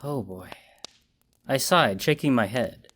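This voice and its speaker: A man narrates a horror story in a measured, dramatic way. His voice sits at an ordinary male pitch. He paces his lines with care to build dread. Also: expressive, a bit bright.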